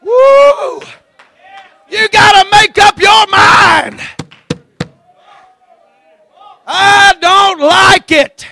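A man preaching a revival sermon in a church, shouting in a rhythmic cadence punctuated by amens. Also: very high voice, extremely slow, vocal fry, a faint crowd.

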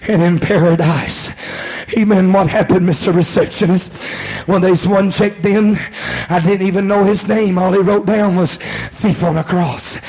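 A man's voice: sits high, steady tone, measured pace, darkish tone. A man preaching a sermon, telling the story dramatically and acting out the voices he quotes. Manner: rhythmic chanted preaching with breathy "uh" between phrases. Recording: muffled recording with faint hiss.

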